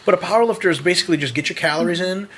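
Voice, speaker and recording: A man's voice: high voice, very fast, a bit bright, slightly rough. A man from the United States, a podcast guest in casual chat, blunt and jokey, swearing freely. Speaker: podcast guest, sports scientist.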